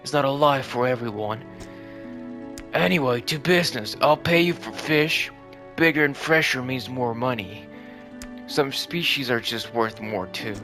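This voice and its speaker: Guy doing a gruff loud fishmonger voice, gravelly, game music playing. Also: mid-range voice, measured pace, voice pushed up, natural voice. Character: gruff downcast male fishmonger.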